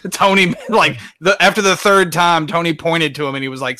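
A man co-hosts a podcast with a bright, forceful tone, cracking wry jokes. He often stops and restarts before the point lands. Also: on the high side, dry recording. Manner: wry, jokey, halting starts. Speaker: podcast co-host. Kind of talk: casual chat.

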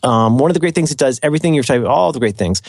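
A man's voice: mid-range voice, animated, very fast, slightly rough, dry recording. Chatty guy hosting a podcast, voice jumps all over, dry close mic, keeps laughing at himself. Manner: rambling, self-deprecating, laughs often. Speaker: podcast host. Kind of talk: casual podcast chat with sponsor read.

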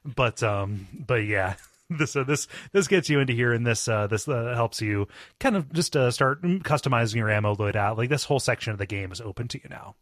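A man's voice: medium pitch, fairly quick, a bit bright, no room sound, studio quality. A man co-hosting a podcast in casual chat, laid-back and joking, laughing often. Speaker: podcast co-host.

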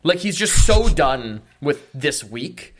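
A man's voice: on the high side, slow pace. A man running a tabletop game as game master, narrating casually with lots of "like". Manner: lively, casual, with frequent "like".

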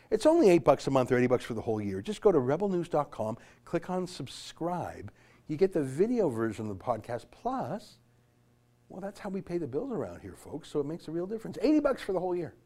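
A middle-aged man hosts a political podcast, his voice sitting a little high for a man. He talks in an emphatic, sarcastic, combative way. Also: mellow. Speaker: host.

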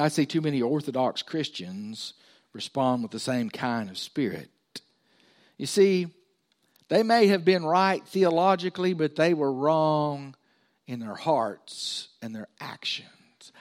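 At a measured pace and a little high in pitch, a man delivers a sermon. He brings his stories to life, animatedly performing the voices of the people in them.

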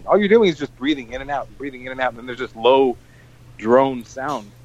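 A man co-hosting a podcast, telling a long story in an animated, swearing casual chat. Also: medium pitch, a little fast, lo-fi sound. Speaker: podcast co-host.

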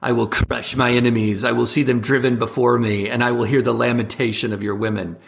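A man putting on a mock impression of a ferocious male barbarian warlord, declaiming slowly and with menace. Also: mid-range voice, little pitch movement, vocal fry, natural voice. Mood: menacing.

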